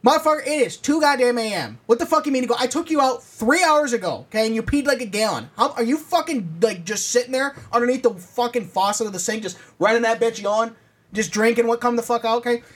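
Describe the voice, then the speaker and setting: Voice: medium pitch, lively intonation, fast. A podcast co-host in casual chat, ranting comically and swearing constantly over a home setup.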